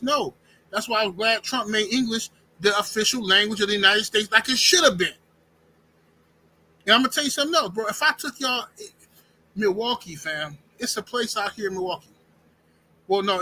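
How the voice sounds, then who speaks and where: Heard over a low-quality recording, this high, bright-voiced podcast host rants with animated emphasis. He repeats himself, restarts lines and says "bro" and "fam" throughout a casual, opinionated live-stream chat.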